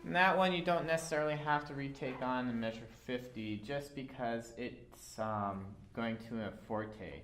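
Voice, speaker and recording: A man teaching a violin part, calm and patient, with frequent fillers as he explains. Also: mid-range voice, moderate pace, hardly any pauses, faint music behind. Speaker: orchestra teacher. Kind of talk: instructional walkthrough.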